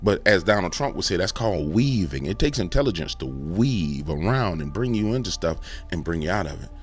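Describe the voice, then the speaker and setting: A man with a low voice hosts a fiery commentary show. He rants fervently, and his pitch swings all over as he goes. There is faint music underneath. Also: brisk. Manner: animated, fervent, ranting. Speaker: host.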